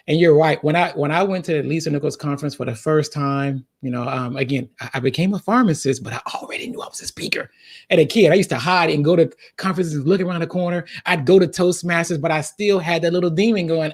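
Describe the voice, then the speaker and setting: A man as a podcast guest, telling a story with excitement. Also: fairly high pitch, fairly quick. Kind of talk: podcast interview.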